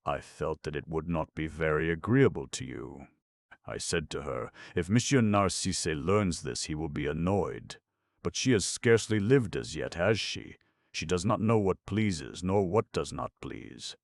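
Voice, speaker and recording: A man's voice: low-pitched, lively intonation, a little slow, dry recording, studio quality. A chatty, fussing old aunt, as a man voices her. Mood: coaxing. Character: fussy, soothing provincial aunt, older woman.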